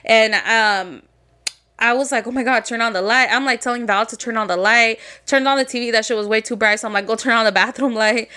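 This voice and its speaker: A young woman co-hosting a podcast in casual chat, with a bright, forceful voice pitched a little high. She tells stories in an animated way, laughs often and drops Spanish phrases into her English. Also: fairly quick. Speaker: podcast co-host.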